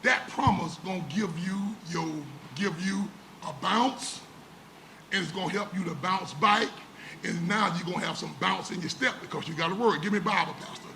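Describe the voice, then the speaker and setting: A man's voice: high-pitched, normal speed, vocal fry, sharp tone. A man preaching a sermon as pastor, dramatic, with rhetorical questions and lots of repetition. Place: church sanctuary. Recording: echoey church room with background noise.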